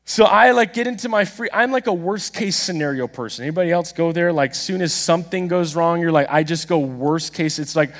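A man preaching a sermon, telling a story with animated, self-deprecating humor and acting out the dialogue himself. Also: high voice. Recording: long reverb of a large hall.

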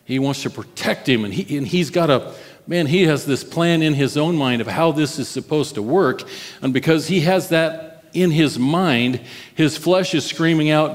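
A male pastor preaching a sermon in a conversational, expressive way, and asking his listeners questions. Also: fairly high pitch, moderate pace, in a large hall.

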